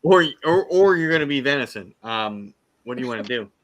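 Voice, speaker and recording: A man's voice: mid-range voice, expressive, a little fast, crowd noise. A man telling a hunting story in casual chat, rambling with many ums and likes.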